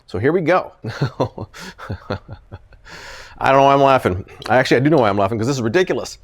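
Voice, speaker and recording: A man's voice: medium pitch, animated, racing. A man hosting a casual product-testing vlog, talking animatedly and often sounding exasperated, chuckling when a gadget fails. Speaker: product reviewer, channel host.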